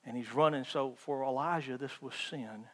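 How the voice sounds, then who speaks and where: A man preaching a sermon, telling the story with animated swings between loud emphasis and hushed asides. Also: medium pitch, moderate pace. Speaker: pastor. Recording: hall reverb.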